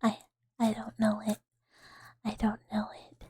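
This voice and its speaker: Breathy, whispering woman on a close mic. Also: mid-range voice, monotone, unhurried, dry recording. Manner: giggly, soft-spoken, chatting with viewers. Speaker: ASMR streamer. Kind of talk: whispered ASMR chat.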